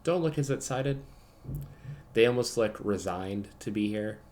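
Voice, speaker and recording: A man's voice: fairly low pitch, animated, a little slow, a little mellow. A man narrating as game master in a tabletop role-play, casual, with many fillers. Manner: casual, lots of ums and likes.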